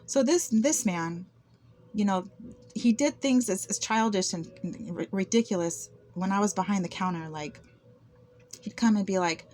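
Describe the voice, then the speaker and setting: In a mid-range, slightly mellow voice and a somewhat slow pace, a woman tells the camera about her personal experiences without a script. She comes across as aggrieved, often circling back with repeated words and restarts.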